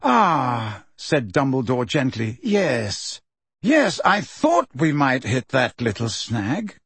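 A man reading an audiobook, voicing a calm, pleasant old male headmaster wizard with gentle irony. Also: high voice, measured pace, breathy edge, dry recording, voice pushed up, heavily acted. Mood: gently ironic.

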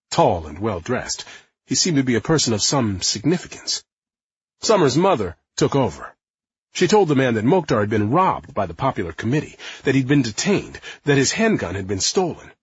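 A man narrating a nonfiction audiobook in a lively, expressive manner. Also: mid-range voice, normal speed, husky, dry recording, muffled recording. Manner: lively, acting out quotes.

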